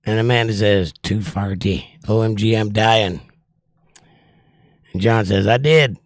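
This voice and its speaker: A man's voice: lowish voice, measured pace, dry recording, studio quality. A man hosting a casual livestream, reading viewer comments aloud and joking back, his voice strained and short of breath. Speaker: livestream host reading chat. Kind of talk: casual chat.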